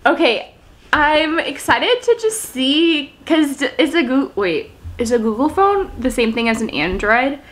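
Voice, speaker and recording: A young woman vlogging an unboxing, gushing and breathless with excitement after a workout. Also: high voice, unhurried. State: post-workout, catching breath.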